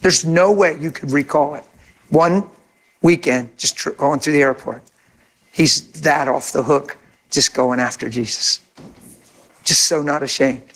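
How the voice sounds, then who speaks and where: A man pastor telling a story in a sermon, acting out each person's lines with lively dialogue. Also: on the high side, a little slow, pauses often. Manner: animated, acts out quoted dialogue.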